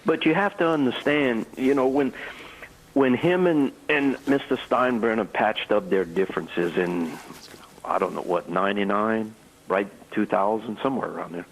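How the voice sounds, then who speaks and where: An older man, a former ballplayer, telling stories in an interview, halting and repeating words as he goes. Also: lowish voice, slight background noise, rough recording. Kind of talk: storytelling interview.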